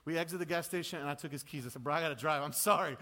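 A man in his thirties preaching a sermon, swinging between loud, high bursts and low, quiet asides. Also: very fast. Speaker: pastor.

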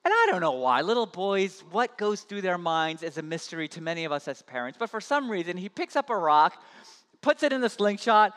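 A man preaching a sermon as a pastor, telling a story in an animated way. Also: high-pitched, a little fast. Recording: long church-hall reverb.

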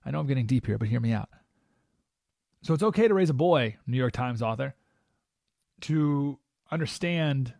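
Animated male radio host, dry studio sound. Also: mid-range voice, moderate pace, gravelly, long pauses, dry recording. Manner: animated, emphatic, preachy with acted-out quotes. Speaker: radio talk show host. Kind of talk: opinionated radio monologue.

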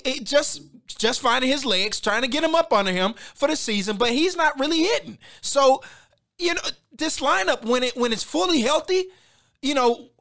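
A man hosting a sports podcast in energetic, slangy casual talk, hooting and hyping his team. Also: extremely high pitch. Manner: energetic, slangy, shouts and hoots.

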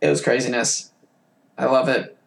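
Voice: medium pitch, little pitch movement, normal speed, gravelly. A young adult co-hosting a casual anime chat, praising shows with emphatic enthusiasm. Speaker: podcast co-host.

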